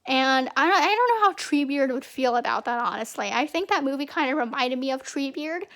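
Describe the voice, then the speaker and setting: A woman's voice: sits high, lively intonation, a little fast, fairly bright tone. A young woman giving casual, rambling fan commentary as a channel host, chatty and prone to repeating herself.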